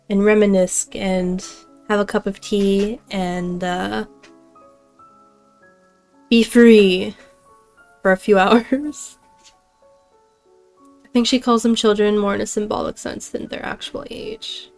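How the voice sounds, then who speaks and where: Brief: bubbly young woman streamer, laughs a lot, slow unhurried chat, faint game music under her. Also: medium pitch, darkish tone. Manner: giggly, bubbly, reads chat aloud. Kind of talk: casual live-stream chat.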